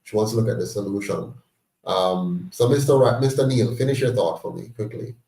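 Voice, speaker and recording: A man's voice: on the low side, a little fast, warm tone, a little hiss or hum. Indignant Jamaican man, far and roomy. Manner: emphatic, rising to exclaim in indignation. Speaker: host of a political discussion meeting. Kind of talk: passionate political talk.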